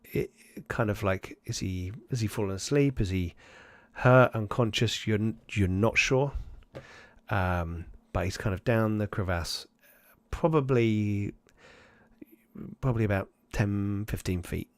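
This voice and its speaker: A man runs the table as game master, talking his way through each scene and dropping into voices for the side characters. His voice is low, and it sounds close and dry, with no room around it. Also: unhurried, dry recording. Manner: loose, searching narration that acts out side characters. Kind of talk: improvised tabletop narration.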